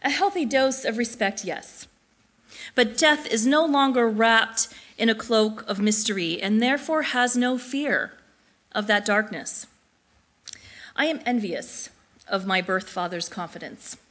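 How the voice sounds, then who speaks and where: A woman reading her own personal essay aloud in a reflective, measured way. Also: a little high, fairly bright tone. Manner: reflective, measured, with brief slips and restarts. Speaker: narrator.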